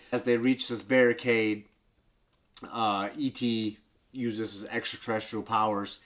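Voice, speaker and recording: A man comedian casually retelling a film, loose and profane, breaking into high squealing impressions and sound effects. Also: normal speed.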